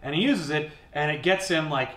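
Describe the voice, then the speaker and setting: A man's voice: fairly high pitch, brisk, a bit bright, roomy sound. A man casually retelling a comic book story on a podcast, acting out the characters' lines.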